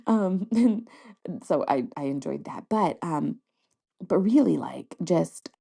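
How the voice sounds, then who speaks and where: A woman's voice: on the low side, expressive, takes it slowly, gravelly, mellow, slightly rough. A young adult woman hosting a podcast, chatting casually and candidly to her listeners with frequent fillers and little laughs. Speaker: podcast host. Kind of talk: casual solo podcast chat.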